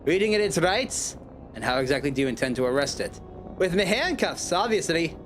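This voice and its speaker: A man doing a deadpan gruff detective. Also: on the high side, fairly quick, soft background music. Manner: deadpan, dry.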